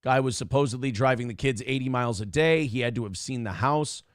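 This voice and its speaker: On a morning show, a man spins a meandering, foul-mouthed story, doing voices for everyone he quotes. He speaks in a mid-range, clean tone at a fairly quick pace, in a dry, studio-quality recording.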